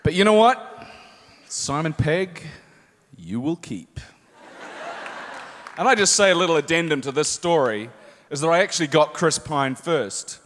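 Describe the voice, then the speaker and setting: Speaking at a moderate pace in a higher voice, a Kiwi man appears as a guest actor on a convention panel and animatedly tells anecdotes to a live audience, doing the voices. The large hall sounds echoey, with faint background noise.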